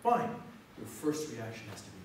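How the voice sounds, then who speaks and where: A man preaching a sermon as pastor, swinging between loud exhortation and quiet, prayerful lines. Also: lowish voice, sing-song, moderate pace, slight background noise. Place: church sanctuary. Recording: echoey hall, mic from far off.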